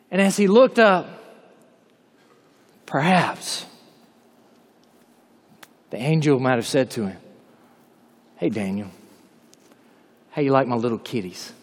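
Brief: high-voiced male preacher, dramatic storytelling sermon, long hall reverb. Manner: dramatic storytelling, swinging from loud to hushed.

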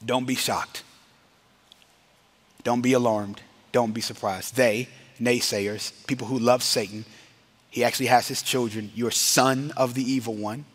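A man preaching a sermon to a congregation in a chapel, energetic and quick to laugh at himself, stretching out the words of a solemn benediction. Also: medium pitch. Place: chapel or hall with a live audience.

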